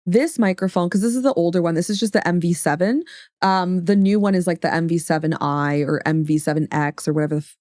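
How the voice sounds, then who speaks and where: A woman's voice: lowish voice, quick pace, darkish tone, no room sound. A young woman hosting a casual livestream, rambling and chatty with a mid-range voice and casual swearing, close on a studio microphone. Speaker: livestream host. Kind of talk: casual stream chat. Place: home streaming setup. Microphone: studio XLR microphone.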